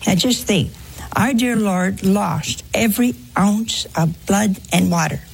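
A woman preaching a devotional sermon, telling it slowly and emphatically with rhetorical questions. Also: medium pitch, gravelly, a little hiss or hum.

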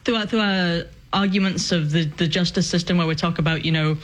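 A woman's voice: lowish voice, fairly quick, rough recording. Female co-host, casual talk, earnest and thoughtful, careful restarts. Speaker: podcast co-host. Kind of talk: casual commentary chat.

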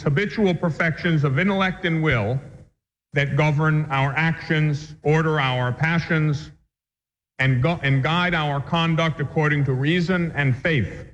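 A man, a priest, teaching a catechism class in an earnest, deliberate way, reading from the text and then explaining it. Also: mid-range voice. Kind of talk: catechism lecture. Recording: echoey dull lo-fi recording.

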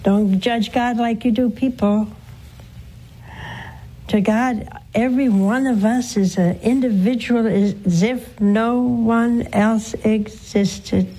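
A nun hosting a call-in show, preaching and answering callers in a slow, earnest way, swooping up in pitch for emphasis. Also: female voice, steady tone, warm tone, breathy edge, poor audio.

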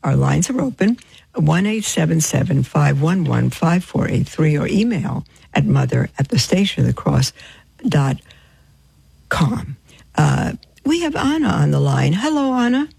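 A woman's voice: deep voice, big pitch swings, a little slow, gravelly, darkish tone, husky, no room sound. A woman hosting a call-in radio show, motherly and affectionate with callers, calling them honey and sweetheart. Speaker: radio show host, religious sister.

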